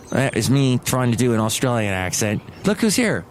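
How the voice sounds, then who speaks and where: A man hosts his own comedy podcast, rambling and wandering from one topic to the next. His voice sits at an ordinary mid pitch. A faint background noise is present. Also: big pitch swings, moderate pace. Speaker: podcast host and radio worker.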